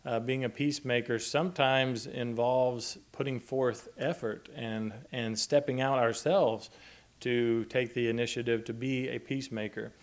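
A man preaching a sermon in a gentle, conversational way, chuckling often as he talks. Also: mid-range voice, fairly even intonation, measured pace. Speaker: pastor.

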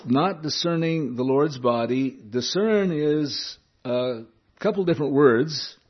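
Male Bible teacher, relaxed conversational delivery with chuckles, average pitch, lo-fi capture. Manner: conversational, chuckling asides, repeats key words. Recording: dull lo-fi recording.

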